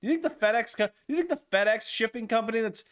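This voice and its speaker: Animated, swearing man ranting about golf. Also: very high-pitched, quick pace, smooth. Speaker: podcast co-host. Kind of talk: casual golf podcast chat.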